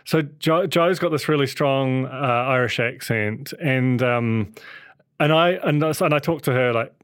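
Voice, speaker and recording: A man's voice: medium pitch, measured pace, clear, resonant tone, no echo, studio quality. A young man co-hosting a casual podcast chat, hesitant and full of fillers and restarts. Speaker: podcast co-host.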